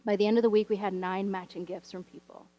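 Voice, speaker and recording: Woman, teacher, sermon storytelling, animated, wry asides, church sanctuary. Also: mid-range voice, fast talker, lo-fi sound. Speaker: teacher sharing a story from the pulpit.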